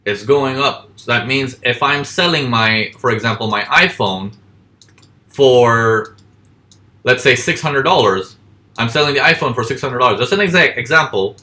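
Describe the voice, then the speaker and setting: Man, bright and forceful tone, casual chart lesson, answers his own questions. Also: mid-range voice, expressive. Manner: asks questions and answers them himself; acts out panicking traders in quick voices. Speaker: forex trading teacher. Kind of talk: casual live teaching over charts.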